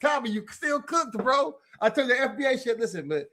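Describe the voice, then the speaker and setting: With a very high, bright, forceful voice, an American political commentary host talks briskly and expressively on his livestream. His rant is heated and full of profanity, aimed directly at an absent rival he calls out by name.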